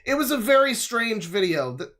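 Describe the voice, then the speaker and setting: A man with a fairly high-pitched voice rambles through casual reaction commentary on a livestream. His talk is loose and sarcastic and full of swearing, and he keeps circling back on his own words. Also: big pitch swings, normal speed, a bit bright. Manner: rambling, profane, sarcastic riffing. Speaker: livestream host reacting to a video.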